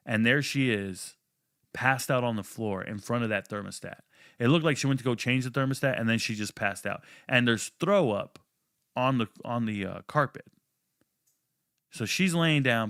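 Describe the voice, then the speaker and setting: Brief: male storyteller, low voice, dry close sound, animated and profane. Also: dry recording. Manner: animated, profane, acts out quotes with jumps in pitch. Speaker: host telling a personal story. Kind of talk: casual storytelling.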